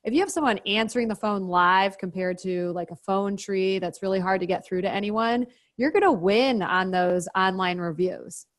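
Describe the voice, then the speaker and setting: A woman guest on a podcast, explaining her business practices in a brisk, practical, step-by-step way. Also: medium pitch. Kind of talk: interview, explaining.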